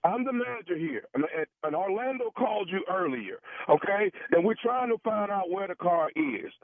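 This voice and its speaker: A man's voice: high-pitched, sing-song, moderate pace, no echo. A man on a radio prank call, playing a flustered parking manager who stammers and pleads. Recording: tinny phone line.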